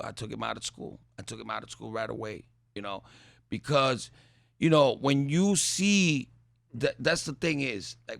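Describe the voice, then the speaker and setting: A middle-aged man, a boxer's father and trainer, telling stories in an animated way and acting out the voices of the people in them. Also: medium pitch, gravelly, dry recording, clean studio sound. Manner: lively, acts out what people said in raised voices. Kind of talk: animated storytelling in a chat.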